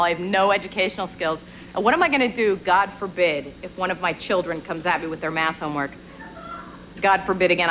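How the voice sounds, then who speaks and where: A woman in her twenties doing a stand-up set on a TV studio stage, with quick, self-deprecating and sarcastic delivery. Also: lowish voice. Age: 20s. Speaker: stand-up comedian. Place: TV studio stage with live audience. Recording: broadcast with audience crowd noise.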